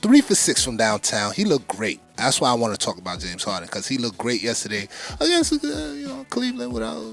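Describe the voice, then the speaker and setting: A man hosting a fan podcast, giving casual basketball commentary in an animated way, repeating phrases for emphasis and speaking straight to his viewers. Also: mid-range voice, brisk, gravelly, soft background music. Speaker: podcast host.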